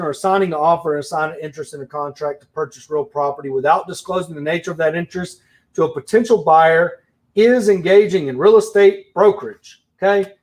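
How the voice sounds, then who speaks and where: A man's voice: sits high, darkish tone. A man, a real estate investor, giving a blunt, profane opinion rant to camera with emphatic repetition.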